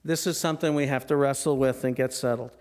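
A middle-aged man preaching a sermon, posing rhetorical questions and dropping to a hush for emphasis. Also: medium pitch, steady tone, fast talker. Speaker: pastor.

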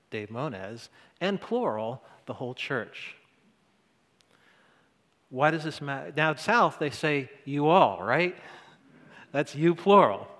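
A man's voice: a little high, a bit bright. A male pastor preaching a sermon in a church, earnest and conversational, building to emphatic points. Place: church sanctuary. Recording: long church hall reverb.

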